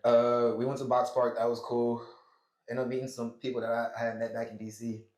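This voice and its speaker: This US podcaster's voice is mid-range and somewhat dark, with little pitch movement and a slightly quick pace. He spins out a lengthy, meandering story full of slang and frequent laughter, recorded in an echoey space.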